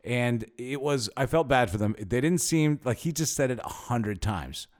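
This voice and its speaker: A man's voice: medium pitch, lively intonation, normal speed. A man co-hosting a casual podcast chat, with joking, sarcastic asides. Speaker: podcast co-host.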